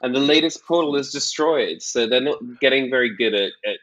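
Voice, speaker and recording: A man's voice: medium pitch, a little fast. Man recapping a book, dull lo-fi sound. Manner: animated storytelling, acts out quotes. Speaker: podcast co-host. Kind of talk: casual book-recap chat.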